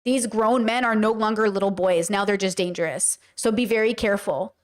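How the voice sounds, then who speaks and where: A woman's voice: medium pitch, a little fast. A woman talking to her livestream chat in a blunt, emphatic way, swearing casually as she comments. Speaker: streamer and commentator.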